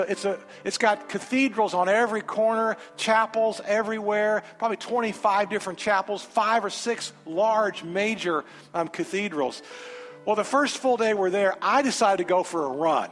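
A man with a high voice preaches in a large sanctuary, telling a story with animated, emphatic energy. The long reverb of the hall hangs on each phrase, and soft music plays faintly behind him. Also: normal speed. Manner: animated storytelling, rising to emphatic altar call. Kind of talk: sermon with a personal story.

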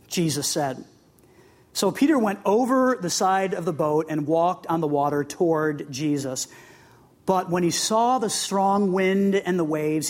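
A preacher delivering a sermon in an easy, conversational way. The voice sits at an ordinary middle pitch, moving between scripture reading and light asides. Questions are put straight to the listeners. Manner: conversational, with humorous asides and laughs; asks the audience direct questions.

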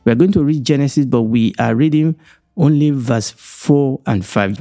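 A man's voice: medium pitch, moderate pace, mellow, soft background music. A middle-aged man from Nigeria hosting a Bible teaching podcast, stressing his points and counting them off one by one.

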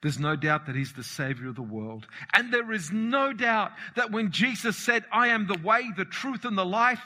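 A high-voiced man preaching with a bright, cutting edge to his tone. He swings from ringing shouts to hushed asides. His voice carries a long hall reverb. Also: animated, moderate pace. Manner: fervent, emphatic preaching with sudden shouts and drops. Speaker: pastor. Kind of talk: sermon.

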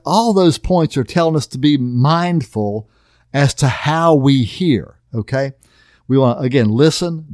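A middle-aged man gives a conversational sermon in a folksy, down-to-earth way. His pitch sits in an everyday middle range, and he often pauses to ask "okay?". The sound is close and dry. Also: a little mellow, no echo. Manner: folksy, repeatedly asks "okay?". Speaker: pastor.

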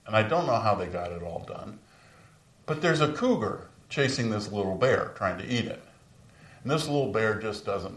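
Older guy preaching, storytelling style, mic far off in a roomy church. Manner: storytelling preacher, rises in pitch for emphasis. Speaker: pastor. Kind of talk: sermon. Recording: echoey room, voice from far off.

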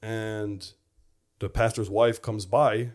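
A young adult man giving a personal faith testimony in an earnest, reflective way, pausing often with fillers. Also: lowish voice, level tone, a little mellow. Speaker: former football player giving his testimony.

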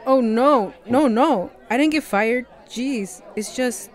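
A woman's voice: a little high, slow pace, a faint crowd. A young woman playing a stressed teenage girl. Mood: earnest. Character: seventeen-year-old Mexican-American girl, responsible and stressed. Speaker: narrator and lead.

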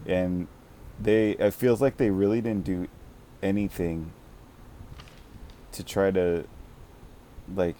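A man co-hosting a casual film chat, talking haltingly and searching for words with many fillers. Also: deep voice, fairly even intonation, dark tone, a little hiss or hum. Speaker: podcast co-host reviewing a film.

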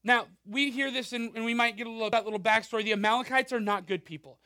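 A male pastor with a strikingly high voice preaches in a loose, conversational way. He checks in with the crowd through quick rhetorical asides, and the sound is close and dry. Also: no room sound. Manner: animated, with frequent asides and rhetorical questions. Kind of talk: conversational sermon.

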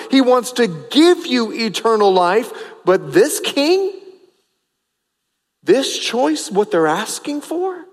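A man's voice: extremely high pitch, long reverb tail. A man preaching a sermon as pastor, emphatic and repetitive, stressing phrases over and over.

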